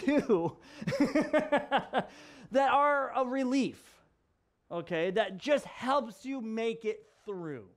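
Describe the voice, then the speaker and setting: A middle-aged man pastor talking casually in a vlog, joking and laughing often as he explains. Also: high-pitched. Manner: chatty, jokey, laughs often. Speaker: pastor and professor. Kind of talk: casual devotional vlog talk.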